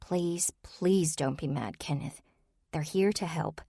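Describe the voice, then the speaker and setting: Woman voicing a hushed, pleading office worker. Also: deep voice, slow pace, breathy edge, no echo, clean studio sound, heavily acted.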